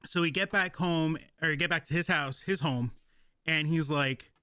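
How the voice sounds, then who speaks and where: A man hosting a podcast, telling stories in an animated, profane way. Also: on the high side, moderate pace, smooth, no room sound. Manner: animated, profane storyteller, stumbles and restarts. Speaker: podcast host. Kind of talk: casual podcast storytelling.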